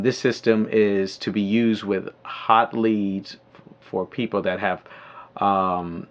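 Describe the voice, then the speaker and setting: A man giving a spoken training lesson on calling sales leads, pausing often with ums and restarts, sometimes acting out phone calls. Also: lowish voice. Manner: hesitant with many ums, then lively role-play of phone calls. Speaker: network marketing trainer. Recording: dull lo-fi audio.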